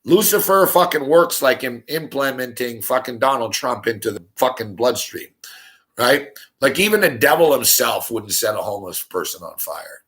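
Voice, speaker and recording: A man hosting a sports talk show, ranting heatedly in a profane monologue full of rapid rhetorical questions. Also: mid-range voice, expressive, fairly bright tone.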